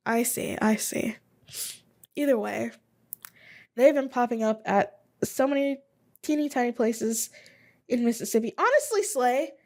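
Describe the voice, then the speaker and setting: A woman in her twenties hosting a casual solo podcast, rambling and chatty, thinking out loud as she goes. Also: fairly high pitch, animated, measured pace, pauses often. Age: 20s. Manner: rambling, chatty, thinks aloud while looking things up. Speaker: podcast host.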